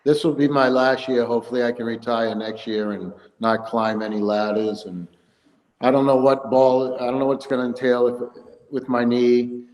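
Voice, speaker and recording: A man in his sixties, a podcast guest, telling lively stories and acting out what umpires said to him. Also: mid-range voice, normal speed, big-room sound, rough recording. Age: 60s. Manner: animated storyteller acting out quoted umpires. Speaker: guest, amateur baseball player. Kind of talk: casual interview storytelling.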